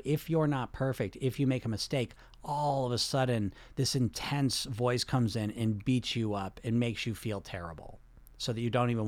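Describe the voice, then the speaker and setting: A man talks through a self-help lesson in an easy, conversational way. He often stops to check in with "okay?" and "right?". His voice sounds dry and close, with no room echo. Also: mid-range voice. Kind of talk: explanatory self-help talk.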